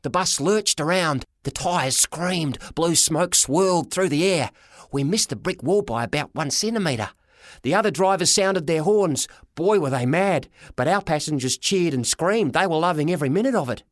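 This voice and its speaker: A man narrating a children's story as a boy, with a lively, dramatic reading. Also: fairly high pitch, normal speed, no echo, studio quality. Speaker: audiobook reader. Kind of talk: storybook narration in a boy's first person.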